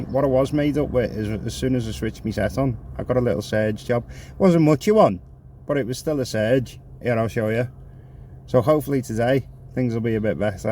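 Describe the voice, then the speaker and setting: A man from the UK, a rideshare driver telling stories from his shifts in a casual, chatty vlog. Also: mid-range voice. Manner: chatty, animated storytelling with colloquial slang. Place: inside a car. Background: vehicle noise.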